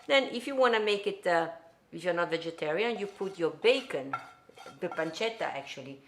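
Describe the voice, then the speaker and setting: A woman's voice: fairly low pitch, expressive, a little fast, a little hiss or hum. An Italian woman with an Italian accent, hosting a live-streamed cooking show from her home kitchen, chatting and greeting viewers by name in loose English. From Italy. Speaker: host.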